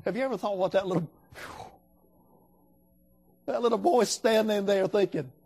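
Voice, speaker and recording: A man's voice: high-pitched, moderate pace, darkish tone. An older man preaching a sermon in a folksy, storytelling way, acting out the voices of the people he quotes.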